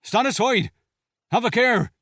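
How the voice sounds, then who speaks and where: A male narrator voicing a nervous, furious army captain who shouts and snarls orders, in an audiobook. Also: extremely high pitch, measured pace, dry recording, clean studio sound, voice pushed up, full character voice.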